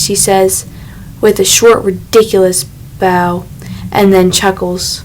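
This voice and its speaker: A woman narrating a first-person young adult novel in a measured, unhurried reading voice. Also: mid-range voice, level tone, slight background noise, low-quality recording. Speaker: audiobook narrator.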